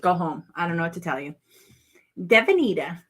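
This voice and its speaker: A woman's voice: fairly low pitch, expressive, a little fast, a bit bright, breathy edge. Woman crafting vlog host, 30s-40s, chatty and meandering, teasing with chat. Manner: chatty, rambling, playful with viewers. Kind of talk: casual livestream chat.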